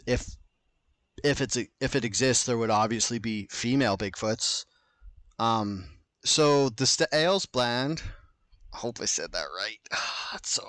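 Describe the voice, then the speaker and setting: A man hosting a solo podcast, rambling and self-mocking, deliberately slowing his speech. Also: medium pitch, fairly bright tone, no room sound. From Canada. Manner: self-mocking, digressive, deliberately slowed delivery. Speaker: podcast host.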